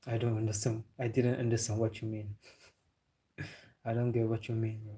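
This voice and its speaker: This football livestream host, who is from Senegal, keeps up casual chat, laughing and answering comments. His voice is on the low side and dark, delivered completely flat at normal speed.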